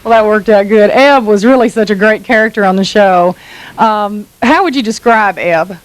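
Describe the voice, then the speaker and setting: A woman's voice: mid-range voice, normal speed, poor audio. A woman hosting a local TV interview, asking upbeat, chatty questions. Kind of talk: friendly TV interview. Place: mobile home sales lot.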